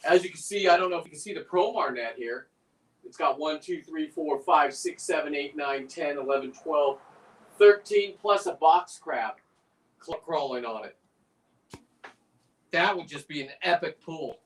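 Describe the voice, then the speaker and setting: A man's voice: on the high side, expressive, moderate pace, far from the mic. A man in casual chat, rambling and talking through a demonstration as he works. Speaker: guest on a fishing livestream, lobster preparer. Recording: away from the mic.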